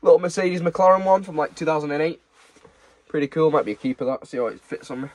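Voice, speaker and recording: A man's voice: a little high, quick pace, darkish tone. A young man, casually showing off secondhand football shirts he is reselling, in a chatty, rambling way. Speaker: online reseller. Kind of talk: casual haul chat.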